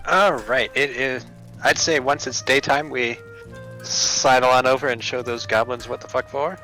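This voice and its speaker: A man playing a game with a friend, chatting casually and tossing in amused, quick quips. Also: mid-range voice, steady tone, pushed and bright, soft background music, poor audio. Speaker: co-player. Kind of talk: casual gaming chat.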